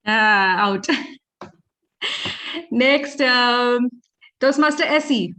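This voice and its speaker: A woman's voice: fairly high pitch, drawn-out words, pushed and bright. A woman hosting an online club meeting over a video call, chatty and welcoming as she greets people. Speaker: meeting host.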